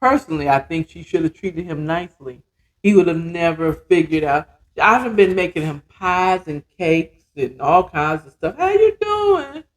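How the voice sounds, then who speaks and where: A woman's voice: low-pitched, moderate pace. A woman hosting a casual storytelling podcast, chatty and digressive with lots of asides.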